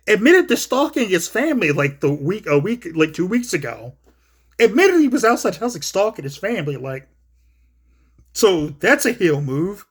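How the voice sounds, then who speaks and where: A man's voice: a little high, fairly bright tone. A man giving casual wrestling commentary, rambling and profane with many fillers.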